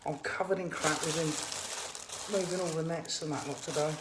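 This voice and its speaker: A man's voice: on the high side, steady tone, brisk, background noise. A man with an English accent, chatting casually on a live stream outdoors by a fishing lake. He rambles and interrupts himself. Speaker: fishery owner streaming live.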